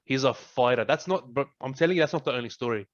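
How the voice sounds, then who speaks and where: A young Australian man chats casually, deadpan in his jokes and lively when he tells a story. His voice sits mid-range, and the recording sounds dull and lo-fi. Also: mid-range voice, quick pace. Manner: deadpan joking, animated storyteller. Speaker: guest. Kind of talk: casual chat. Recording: dull lo-fi audio.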